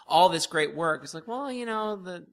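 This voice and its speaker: A man's voice: high-pitched, animated, moderate pace, fairly bright tone. A man co-hosting a casual podcast chat, teasing and prone to stumbling restarts. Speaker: podcast co-host.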